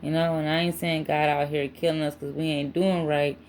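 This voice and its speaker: A woman's voice: deep voice, flat delivery, moderate pace, a little mellow, slight background noise. A woman giving a casual spiritual tarot reading to her channel, chatty and emphatic, with frequent asides. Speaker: tarot reader.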